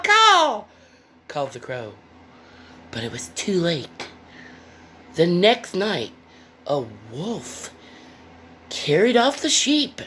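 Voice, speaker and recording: A woman's voice: rumbling low, slight background noise. Playful woman reading a picture book aloud. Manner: playful, expressive. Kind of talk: picture book read-aloud with chatty asides.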